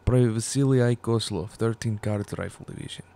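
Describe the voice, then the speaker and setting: A man's voice: lowish voice, brisk, gravelly, warm tone. A man voicing a young male Soviet soldier reading his war journal aloud in a put-on Russian accent. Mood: solemn. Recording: gunfire and game noise behind.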